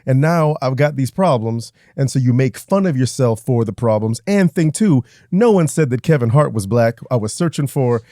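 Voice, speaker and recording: A man in casual comedic chat, playful and quick-witted, poking fun at himself. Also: medium pitch, lively intonation, warm tone, no room sound, studio quality. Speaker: talk show guest and host voices. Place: studio couches.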